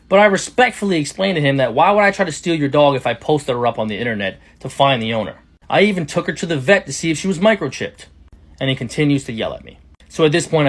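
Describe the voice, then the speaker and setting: A man's voice: mid-range voice, expressive, quick pace. A man telling a personal story in casual storytime narration, conversational and plain-spoken.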